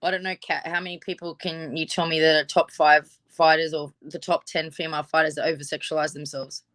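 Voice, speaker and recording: A woman's voice: low-pitched, little pitch movement, brisk, a bit bright, no room sound. A woman boxer, the interview guest, talking casually and frankly, with lots of filler words.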